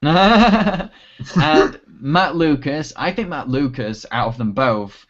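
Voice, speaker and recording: A man hosting a casual livestream Q&A as an internet reviewer, chatty and quick to laugh, often trailing off and restarting. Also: on the high side, expressive. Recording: dull lo-fi livestream audio.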